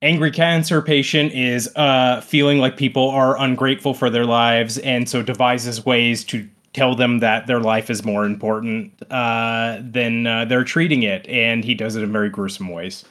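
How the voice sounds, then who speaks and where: A man's voice: mid-range voice, steady tone, normal speed, few pauses, a bit bright. A man talking casually as a podcast guest, rambling with many fillers. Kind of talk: casual chat.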